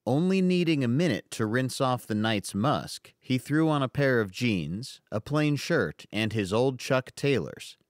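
A man narrating an audiobook in an expressive storytelling manner. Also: medium pitch, a little slow, hardly any pauses, no echo, studio quality.

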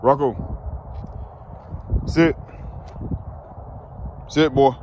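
A laid-back man chats easily in a casual vlog, his voice sitting at an ordinary middle pitch. He talks with a coaxing, chatty ease. The recording carries plenty of outdoor street noise behind him. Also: steady tone, extremely slow. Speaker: vlogger, dog owner. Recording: noisy outdoor street sound.

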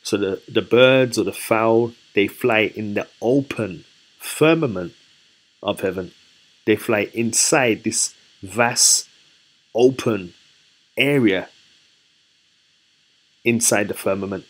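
A man with a low, slightly husky voice talks through scripture in a casual Bible study. He is relaxed and chatty, and he corrects himself as he goes. He keeps asking his listeners questions and then answers them himself. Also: takes it slowly, long pauses. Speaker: scripture teacher.

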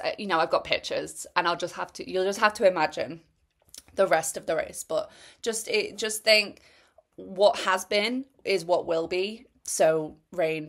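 A woman's voice: on the low side, fairly bright tone. A young woman telling a rambling, chatty story about running an ultra race. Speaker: runner reviewing a race. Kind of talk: casual spoken race recap.

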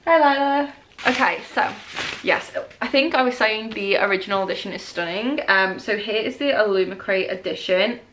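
A young woman casually vlogging a book unboxing, excitable and gushing, emotional and close to tears. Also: mid-range voice, normal speed, a little hiss or hum.

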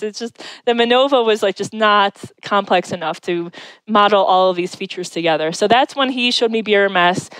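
A woman's voice: mid-range voice, normal speed, fairly bright tone, clean tone, no room sound, rough recording. A woman, a speech science researcher, explaining her dissertation research as a podcast guest in a methodical, step-by-step way.

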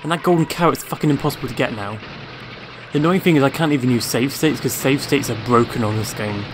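A man's voice: mid-range voice, quick pace, background noise. A man giving casual gameplay commentary, sarcastic, swearing freely and talking back to the game. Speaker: let's play gamer.

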